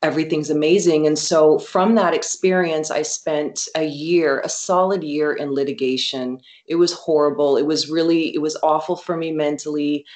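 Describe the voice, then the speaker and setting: Low-voiced woman, candid storyteller. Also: moderate pace, few pauses. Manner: candid, animated storytelling with quoted asides. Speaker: guest. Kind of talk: casual interview talk.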